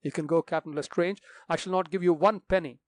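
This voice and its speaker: A man's voice: fairly high pitch, steady tone, fairly quick, dry recording, voice pushed up, close to an everyday voice. A man voicing a distraught young woman, an heiress, who pleads and argues in agitation. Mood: defiant.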